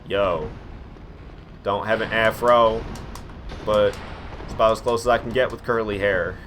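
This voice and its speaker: A young man chatting through a live game stream, quick to get frustrated and poking fun at himself. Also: lowish voice, fairly bright tone, a little hiss or hum. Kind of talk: casual live-stream commentary.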